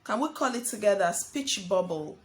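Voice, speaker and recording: A young woman teaching a lesson to small children, speaking slowly and repeating words while she writes on a board. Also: medium pitch, lively intonation. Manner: slow, sing-song teacher talk addressing children as friends; talks while writing on a board. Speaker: primary school teacher.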